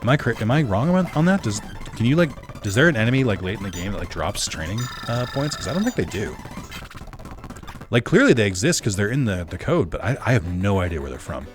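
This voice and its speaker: A man with a lowish voice streams a game and talks through it in a loose, rambling way, full of fillers and restarts. His pitch swings widely as he chats with his viewers. Faint game music plays underneath. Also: big pitch swings, fast talker. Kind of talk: casual live-stream gameplay commentary.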